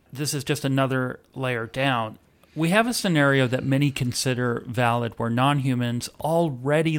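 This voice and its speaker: A man hosting an interview, asking measured, prepared questions of his guest. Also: medium pitch. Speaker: podcast host.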